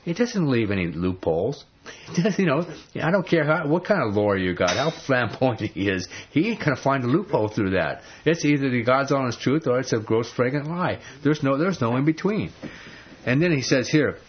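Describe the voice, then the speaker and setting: A man's voice: mid-range voice, big pitch swings, moderate pace, lo-fi sound, slight background noise. A man teaching from the Bible in a conversational sermon, emphatic and full of rhetorical questions. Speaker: preacher.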